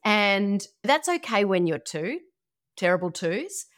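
A woman's voice: mid-range voice, sing-song, takes it slowly, fairly bright tone. A woman with an Australian accent, a podcast guest talking in a chatty, easygoing way. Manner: chatty, laughs easily. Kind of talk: casual interview chat.

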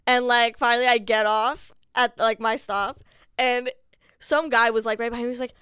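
A woman in her twenties, a podcast guest telling animated stories and filling nearly every phrase with "like". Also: fairly high pitch, normal speed, clean tone, no echo. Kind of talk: casual storytelling chat.

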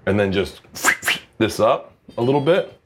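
A man's voice: fairly low pitch, a little slow, background noise. A man hosting a cooking chat, telling stories and acting out quotes. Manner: animated, acts out quotes. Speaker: host. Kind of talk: casual storytelling while cooking. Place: home kitchen.

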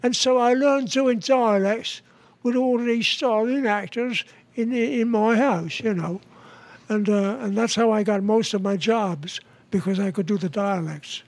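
Chuckling old New man, halting. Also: high-pitched, a little mellow, no room sound. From New York City. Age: 90s. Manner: halting, chuckling storyteller with many restarts. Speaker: guest, veteran actor-comedian. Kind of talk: casual anecdotes in an interview. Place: his home.

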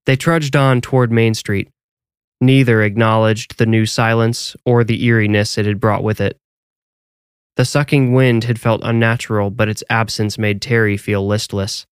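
A man narrating a scripted horror story in a measured, even storytelling way. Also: fairly low pitch, clear, resonant tone, no room sound, studio quality.

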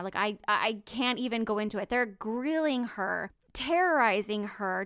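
A woman's voice: on the high side, fairly bright tone, clean tone, no room sound, studio quality. A woman hosting a true crime podcast, telling the story bluntly and emphatically, swearing casually.

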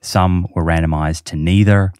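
A podcast host casually explains research in a relaxed chat, dropping in many fillers. His voice is low and a little mellow, with fairly even intonation and a moderate pace, captured in a dry, studio-quality recording.

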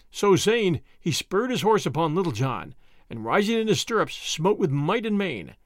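Expressive male storybook narrator. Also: sits high, moderate pace, no room sound, studio quality. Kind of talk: audiobook narration.

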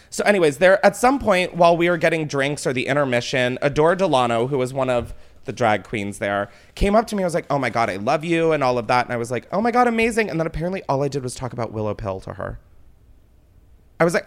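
A young man hosts his show and tells a messy night-out story with big drama. His voice sits a bit high and jumps all over the place as he acts out what everyone said. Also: fast talker. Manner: animated, swearing, dramatic retelling with put-on quotes. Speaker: podcast host. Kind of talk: casual storytelling chat.

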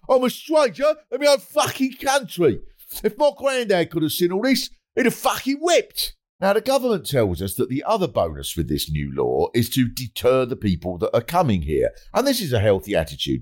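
A middle-aged man hosting his podcast, delivering a sarcastic satirical comedy monologue. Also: mid-range voice. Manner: sarcastic, animated. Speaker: podcast host.

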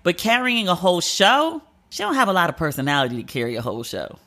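A woman's voice: fairly low pitch, huge pitch swings, fast, fairly bright tone. A woman hosting a solo podcast, chatting candidly with strong opinions and casual slang. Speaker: podcast host. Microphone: podcast mic.

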